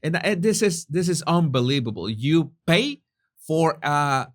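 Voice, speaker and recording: A man's voice: fairly high pitch, sing-song, a little slow. A man giving a sarcastic, profane commentary monologue, often restarting his sentences. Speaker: commentary channel host.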